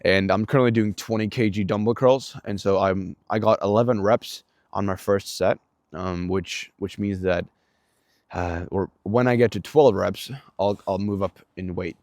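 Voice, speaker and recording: A young Swedish-accented man with a deep, low voice rambles through his day in a relaxed vlog. He talks loosely, with lots of fillers, restarts and swearing. The sound is dry and close, with no room around it. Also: moderate pace, no echo. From Sweden. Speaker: vlogger. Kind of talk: casual vlog monologue.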